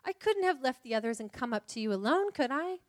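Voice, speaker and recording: A woman's voice: high-pitched, big pitch swings, brisk. A woman voicing an anxious, earnest little girl while reading a storybook aloud, in a pleading way.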